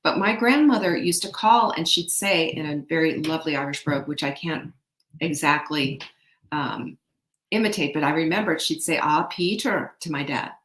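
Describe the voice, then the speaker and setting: A woman's voice: sits low, moderate pace, fairly bright tone. A middle-aged woman hosting a motivational talk, chatty and often putting questions to her audience. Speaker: host. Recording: echoey room.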